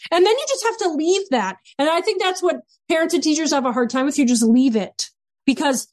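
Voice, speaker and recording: High-voiced woman, lively guest. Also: a little fast, no echo. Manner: animated, acts out dialogue with her son. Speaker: guest, behavior consultant. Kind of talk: casual podcast interview.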